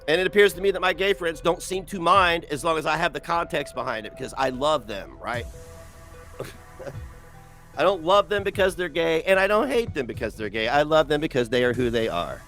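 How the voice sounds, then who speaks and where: Guy ranting on his stream, bit high voice, swears a lot, sarcastic. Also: big pitch swings, moderate pace, pauses often, fairly bright tone, soft background music. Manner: profane, mocking, sarcastic. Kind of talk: ranting livestream commentary.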